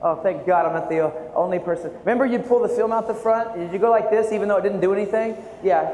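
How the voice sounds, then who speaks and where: A man in his forties giving a keynote talk to teachers, telling his story with animated, self-mocking humor. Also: sits high, quick pace. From United States. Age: 40s. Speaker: keynote speaker and art educator. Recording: echoey hall, faint room noise.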